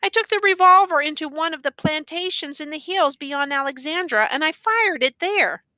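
Frightened young accused man on the stand, read by a woman; high, bright, short halting answers. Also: no room sound.

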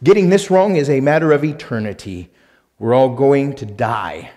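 A male pastor preaching a sermon and reading scripture aloud, emphatic, swinging between loud punched lines and quiet asides. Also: mid-range voice, very animated, normal speed, in a large hall. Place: church sanctuary.

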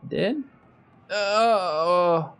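A man's voice: high voice, very slow, a bit bright, clear, resonant tone. A young man commenting live on a horror game he is playing, swearing often and reacting in sudden outbursts. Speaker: streamer.

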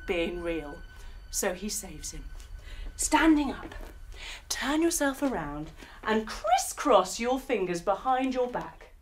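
A woman leading a kids' yoga session as a storyteller, playful, with sound effects and animal noises. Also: fairly high pitch. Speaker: kids yoga teacher and storyteller.

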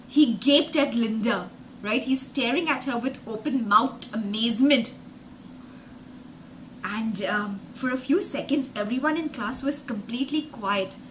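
A woman's voice: on the high side, pushed and bright, a little hiss or hum. A woman from India reading a story aloud as an English teacher, acting out the sounds and explaining words with synonyms. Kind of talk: animated storytelling lesson.

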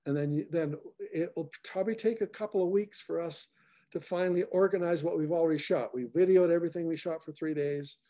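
Host type: man, mellow and slightly high, rambling with restarts over a call line. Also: brisk. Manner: loose and repetitive, restarts phrases. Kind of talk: live group call.

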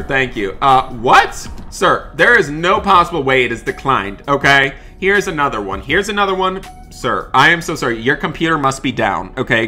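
A man hosting a game video, narrating a role-play with exasperated, apologetic talk that keeps rising into loud scolding. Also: medium pitch. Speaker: gaming channel host.

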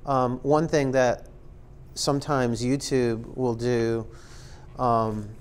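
A man's voice: mid-range voice, little pitch movement, slow, smooth. A man giving a casual spoken tutorial as an instructor, rambling with lots of ums and likes and making self-aware, joking asides. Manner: rambling and filler-heavy, many ums and likes. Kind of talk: casual screen-recorded tutorial talk.

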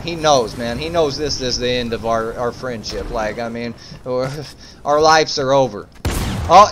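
A man telling a story in laid-back, slangy gameplay commentary, breaking into bursts of excitement. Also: a little high, a little hiss or hum. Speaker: gaming YouTuber.

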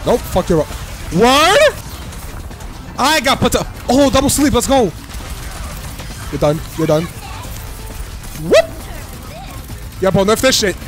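A man's voice: very high voice, takes it slowly, pauses often, soft background music. Hyped young guy streaming a game, voice jumps all over, talks trash and repeats stuff. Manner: excitable, trash-talking, repeats himself. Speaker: gaming streamer. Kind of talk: live gameplay commentary.

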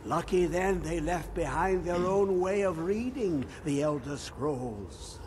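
This cryptic old hermit scholar from a fantasy video game is half-mad and rambling, his high voice swooping up and down with lively intonation as he slowly drawls riddles. He moves from grand declarations to hushed whispers over slight background noise.

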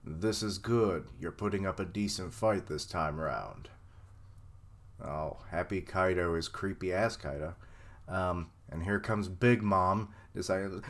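A man with a low voice giving casual live commentary. He talks at a slow, easy pace. His reactions are excitable and he swears freely.

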